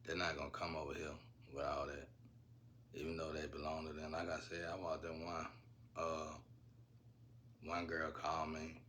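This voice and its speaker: A man's voice: rumbling low, completely flat delivery, moderate pace, long pauses, pushed and bright, slight background noise. A man telling stories in a casual, rambling way, laughing often and using slang. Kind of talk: casual storytelling.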